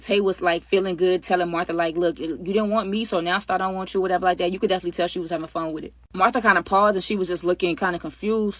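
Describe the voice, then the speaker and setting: Fast-talking woman telling a story. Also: lowish voice, no room sound. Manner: animated, quotes others in her own voice. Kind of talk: casual storytime.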